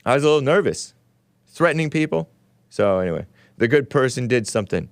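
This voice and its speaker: A man's voice: medium pitch, very animated, a little fast, dry recording. A man hosting a casual call-in talk show, rambling and sarcastic, reading news aloud with his own running commentary and stumbling over names.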